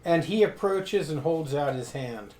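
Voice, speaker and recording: A man's voice: on the high side, animated, a little slow, darkish tone. A man playing a tabletop role-playing game, talking in a hesitant, thinking-aloud way. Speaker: player. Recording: echoey room.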